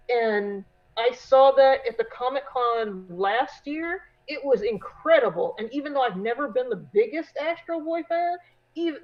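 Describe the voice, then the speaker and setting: A woman's voice: fairly high pitch, highs cut off. A woman on a convention panel, describing a collectible with enthusiasm in casual chat over a video call.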